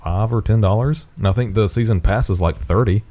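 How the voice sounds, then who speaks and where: Laid-back low-voiced man chatting. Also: brisk. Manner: laid-back, swears freely, excitable. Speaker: podcast co-host. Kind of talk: casual chat.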